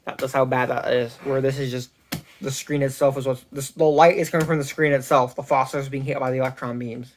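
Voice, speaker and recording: A tech reviewer records a casual product review on a phone mic, with slight background noise audible. He talks at medium pitch in a steady tone, rambling and halting with plenty of restarts and self-corrections.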